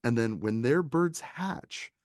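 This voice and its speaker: A man's voice: mid-range voice, expressive, takes it slowly, a little mellow, no echo, studio quality. A man co-hosting a casual film review podcast, talking animatedly and quoting scenes in little put-on voices. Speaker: podcast co-host reviewing films. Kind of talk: casual chat.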